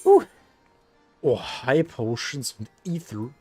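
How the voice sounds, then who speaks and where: Man muttering quick gaming asides. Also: mid-range voice, very animated, dark tone, breathy edge, faint music behind. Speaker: game streamer. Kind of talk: casual commentary while gaming.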